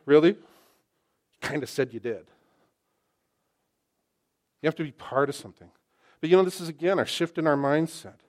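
Impassioned preacher with a higher voice. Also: male voice, normal speed, long pauses. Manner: impassioned, rhetorical questions, swings from loud to hushed. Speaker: pastor. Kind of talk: sermon. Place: church sanctuary.

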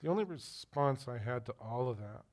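A man's voice: medium pitch, lively intonation, moderate pace, darkish tone. A middle-aged man preaching a sermon as pastor, telling personal stories and putting direct questions to his listeners.

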